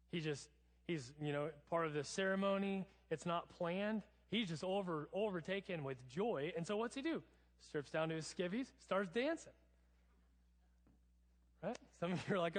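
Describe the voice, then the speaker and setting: Male preacher, conversational and wry, slightly raised pitch, recorded in a church with a long echo. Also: normal speed. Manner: casual, chatty preaching with humor. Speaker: pastor. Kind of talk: sermon. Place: church sanctuary. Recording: long church hall reverb.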